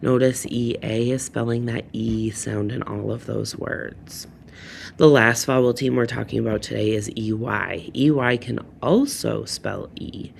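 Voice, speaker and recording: A man teaching a phonics lesson at a very slow, deliberate pace, sounding out each word. His voice is gravelly, with a faint hiss in the recording. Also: mid-range voice.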